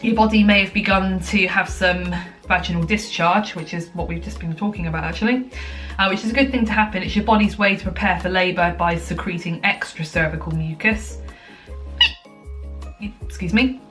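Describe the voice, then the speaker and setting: A woman's voice: lowish voice, normal speed, fairly bright tone, faint music behind. Breathless, chatty woman vlogging. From United Kingdom. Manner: chatty, rambling, frequent ums and likes. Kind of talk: casual chat to camera. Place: at home, indoors.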